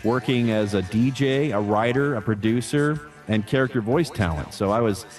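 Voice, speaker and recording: A man who works as a voice actor, answering interview questions in a relaxed, chatty way with frequent fillers and restarts. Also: medium pitch, moderate pace, faint music behind.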